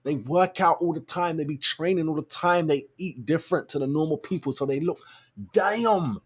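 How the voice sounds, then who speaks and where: A man hosting a show, ranting his opinions in blunt, slangy, animated talk. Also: a little fast, husky. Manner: animated, slangy and blunt, swings between low mutters and loud outbursts. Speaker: show host. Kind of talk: casual opinion rant.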